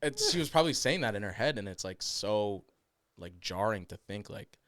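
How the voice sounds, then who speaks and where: A young man co-hosting a casual podcast chat, telling animated stories and slipping into mock voices. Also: fairly low pitch, moderate pace. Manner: animated storytelling, slips into mock accents and voices. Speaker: podcast co-host.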